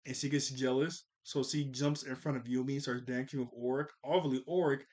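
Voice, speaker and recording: A man's voice: medium pitch, fairly even intonation, brisk, darkish tone. A man casually recapping a cartoon episode scene by scene, laughing often as he goes. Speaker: cartoon reviewer.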